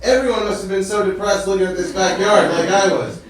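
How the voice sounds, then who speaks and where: A male comedian telling a story on stage in an animated way, acting out the other people's voices. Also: high-pitched, brisk. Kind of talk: stand-up storytelling. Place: stage in a hall. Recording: echoey hall, distant mic.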